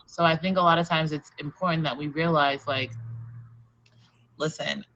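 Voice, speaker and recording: Bright, earnest host on dull lo-fi audio. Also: medium pitch, steady tone, moderate pace. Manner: earnest, encouraging, repeats points for emphasis. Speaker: podcast host. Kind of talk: supportive casual chat.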